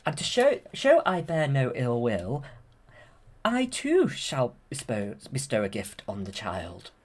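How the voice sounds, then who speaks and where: A man voicing a grand, icy evil fairy sorceress in a slow, stately, menacing way while retelling a cartoon film. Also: medium pitch, huge pitch swings, full character voice.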